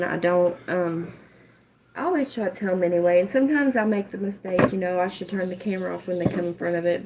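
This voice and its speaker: A woman's voice: lowish voice, darkish tone. A woman hosting a casual livestream, joking, laughing often and swearing playfully. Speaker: livestream host.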